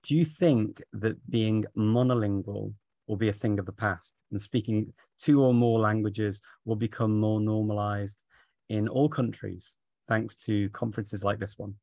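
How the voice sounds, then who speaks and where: A man's voice: on the low side, fairly even intonation, measured pace, gravelly, a little mellow, no room sound. A man interviewing on a video call, friendly and agreeable, laughing easily. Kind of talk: conversational interview.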